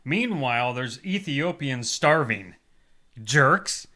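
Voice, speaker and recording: Slow, bright-voiced joking man. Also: medium pitch, lively intonation. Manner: laughs often, quick wisecracks. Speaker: co-host. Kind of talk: casual chat.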